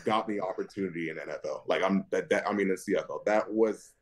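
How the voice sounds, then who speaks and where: A man in his thirties, a football linebacker, telling animated stories as a podcast guest, often laughing and jumping high in pitch when quoting others. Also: fast talker. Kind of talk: animated storytelling.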